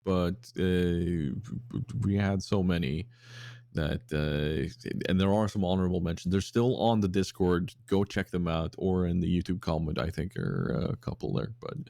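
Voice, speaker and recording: A man's voice: low-pitched, normal speed, vocal fry, mellow, dry recording, clean studio sound. A man co-hosting a podcast in casual chat, reading out listener submissions with lots of fillers and restarts. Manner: rambling with many fillers, breaks into silly voices.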